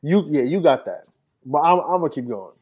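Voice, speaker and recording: A man co-hosting a casual sports talk show, trash-talking players in a rapid, profane, mocking way. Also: a little high, lively intonation, a little mellow, slightly rough, lo-fi sound. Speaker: podcast co-host.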